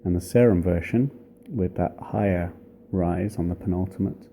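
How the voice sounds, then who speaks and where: A man giving an informal spoken lesson on church chant, thoughtful and hesitant, pausing often to find his words. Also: low-pitched, dark tone. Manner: thoughtful, hesitant, many pauses and fillers. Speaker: church music teacher.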